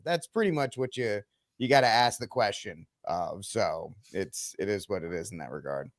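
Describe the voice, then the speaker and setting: A man's voice: on the low side, moderate pace, no echo, clean studio sound. A man co-hosting a podcast in casual chat, with a wry, sarcastic way of telling stories. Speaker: podcast co-host.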